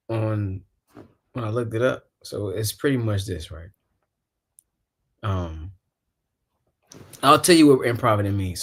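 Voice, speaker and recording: A man hosting a casual podcast chat, explaining things in a loose, rambling way and laughing often. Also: mid-range voice. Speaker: podcast host.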